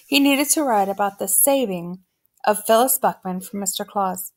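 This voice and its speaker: A woman reading a children's novel aloud in a steady storytelling manner. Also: mid-range voice, normal speed. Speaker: audiobook narrator.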